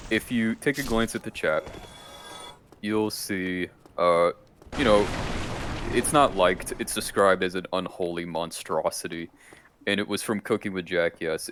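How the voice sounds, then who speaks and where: A man with a fairly low voice chats casually on a livestream. He reads viewer comments and donations aloud, laughing as he goes. A faint hiss sits under the voice. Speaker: stream co-host reading chat. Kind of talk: casual group chat.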